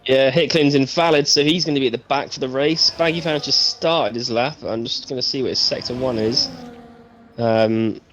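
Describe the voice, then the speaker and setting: A man's voice: mid-range voice, normal speed, a little hiss or hum. A man commentating a live sim racing qualifying session, casual with hesitant fillers, lifting his energy as cars cross the line. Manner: casual, hesitant fillers, builds excitement on finishes.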